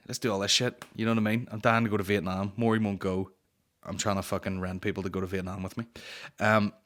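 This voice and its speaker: A man's voice: fairly low pitch, fairly bright tone. A young man hosting a comedy podcast, ranting casually in rambling, profane banter. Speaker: podcast host.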